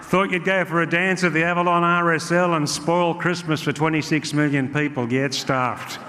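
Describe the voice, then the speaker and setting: A man's voice: on the high side, fairly even intonation, moderate pace. A man with an Australian accent doing brash, punchy stand-up comedy and working a live crowd in a large club hall. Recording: live hall with long reverb, faint crowd noise.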